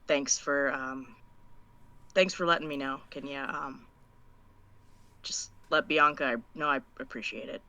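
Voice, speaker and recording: A woman voicing a tough, weary female prisoner who talks in a low, grudging mutter. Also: animated, slow, sharp tone, full character voice.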